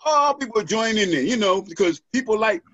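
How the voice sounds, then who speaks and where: A middle-aged man with a high, husky voice gives an animated, preacherly pep talk as a podcast guest. He keeps tagging his points with "right?". The sound is dull and lo-fi with a dry, close feel. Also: fast, no room sound. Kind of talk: motivational podcast conversation.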